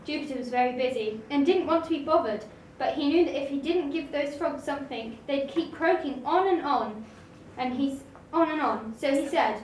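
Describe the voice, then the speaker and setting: A woman reads a children's story aloud in an expressive, gentle manner. Her voice sits high. The recording is roomy and set away from the mic, with a faint hiss underneath. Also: normal speed, hardly any pauses, recorded from a distance.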